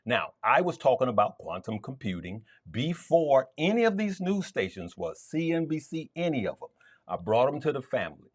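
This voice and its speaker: A man's voice: mid-range voice, very animated, normal speed. A male host walks viewers through stock charts. He is emphatic and hammers his points home by repeating them. His voice rises and falls over a wide range. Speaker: stock trading show host. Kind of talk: market commentary to viewers.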